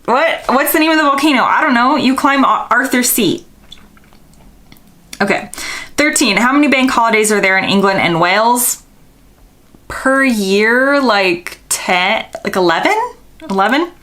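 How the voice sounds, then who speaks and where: A woman's voice: fairly high pitch, expressive, a little slow, long pauses, bright, forceful tone. A young American woman vlogger, casually thinking aloud and second-guessing herself while answering quiz questions. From United States.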